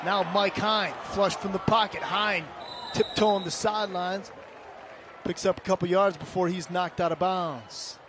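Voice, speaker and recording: A man calling a high school football game play by play, rising to excited calls on big plays. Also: a little slow, background noise. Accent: Michigan. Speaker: play-by-play announcer. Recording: broadcast booth over loud stadium crowd.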